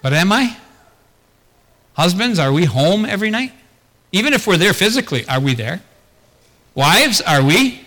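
Pastor guy giving an earnest sermon, voice a bit high, lots of questions to the room, big hall reverb. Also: very animated, normal speed, long pauses, a bit bright. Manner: earnest, with rhetorical questions to the congregation.

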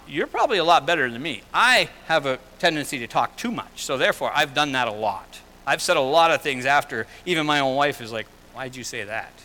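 A middle-aged man preaching a sermon, paraphrasing scripture in a conversational way and swinging between loud emphasis and quiet asides. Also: a little high, low-quality recording. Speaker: pastor.

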